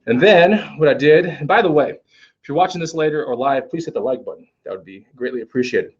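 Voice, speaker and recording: A man's voice: fairly high pitch, lively intonation, fast, recorded from a distance. Fitness coach, male, chatty demo style, heard from across an echoey gym, dull sound. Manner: conversational, checks in with "okay?" often. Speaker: fitness instructor. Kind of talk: casual workout demonstration. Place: gym, indoors.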